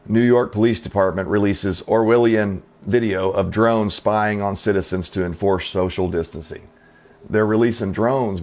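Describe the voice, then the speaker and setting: Hosting his own channel, a middle-aged man offers opinionated takes in a fairly low voice. He sounds folksy and doubtful, tossing in rhetorical questions and offhand fillers.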